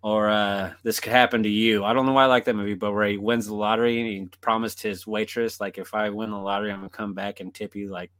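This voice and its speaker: Low-voiced man in casual podcast chat. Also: little pitch movement, quick pace, few pauses, fairly bright tone. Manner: laughs often, swears freely. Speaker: podcast co-host.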